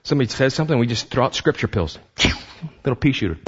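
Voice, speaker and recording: A man preaching a sermon as pastor, animated, acting out voices and often restarting his sentences. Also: mid-range voice, fast talker, breathy edge, highs cut off.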